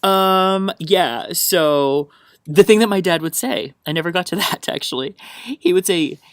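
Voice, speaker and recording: A young man from the American South hosts a solo podcast, rambling chattily and hyper, wired on caffeine. His voice is high and unhurried, in a dry, studio-quality recording.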